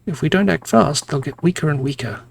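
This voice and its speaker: A man voicing an eager, pleading homeless cat lover in a video game, pitched well above his own voice. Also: lively intonation, brisk, creaky, a little hiss or hum.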